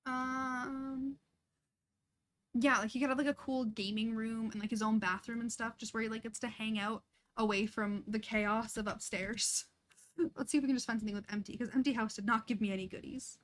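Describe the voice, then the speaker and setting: A woman's voice: a little high, fairly even intonation, normal speed, a bit bright. A young woman chatting casually and laughing often as she streams a life-sim game, chatty and self-deprecating. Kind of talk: casual live-stream chat while playing.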